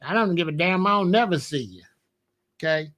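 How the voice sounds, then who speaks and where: Talking fairly quickly in an expressive, fairly high and bright voice, a grandfather rants at his grandson on camera. He's profane and taunting, laughs a lot and keeps asking "you know what I'm saying?"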